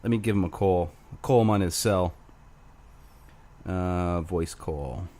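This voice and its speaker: A man's voice: sits low, takes it slowly, mellow. A man hosting his own show alone, rambling crudely with self-mocking humor. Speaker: podcast host. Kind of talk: casual solo rambling.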